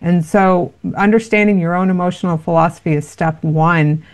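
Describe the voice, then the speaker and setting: A woman's voice: lowish voice, normal speed. A woman giving parenting advice in an interview, earnest and explanatory, with many fillers. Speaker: parenting expert guest.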